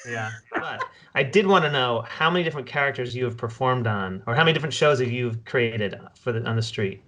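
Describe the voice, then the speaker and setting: A man's voice: medium pitch, fairly quick, pushed and bright. A man hosting a casual podcast interview, chatting with his guest and sharing stories. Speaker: podcast host.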